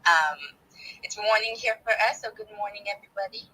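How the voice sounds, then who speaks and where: Bright, polite woman psychotherapist. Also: mid-range voice, brisk, a little hiss or hum, low-quality recording. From Southern California. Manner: polite, hesitant with fillers. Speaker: psychotherapist guest. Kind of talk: self-introduction on audio chat.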